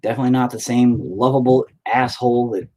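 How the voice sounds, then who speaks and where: Through a laptop mic on his live stream, a man talks to viewers while he paints, casual, profane, and self-deprecating. He speaks fast at medium pitch, with a steady, slightly mellow tone.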